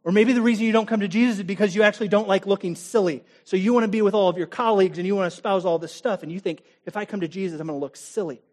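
Man, pastor, sermon, dramatic swings from loud to hushed, challenging, direct to the listener. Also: high voice, steady tone, rapid-fire, hardly any pauses.

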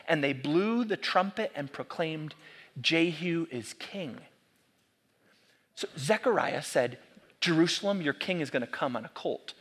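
Guy preaching, bright voice pitched kinda high, lots of questions thrown at the crowd. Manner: animated, rhetorical questions to the congregation. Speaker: pastor. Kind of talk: sermon.

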